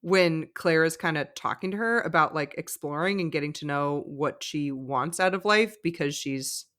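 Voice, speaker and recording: A woman with a somewhat low but bright, forceful voice, co-hosting a casual podcast. She giggles often and gives frank opinions. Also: moderate pace. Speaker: podcast co-host. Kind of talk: casual chat recapping a reality show.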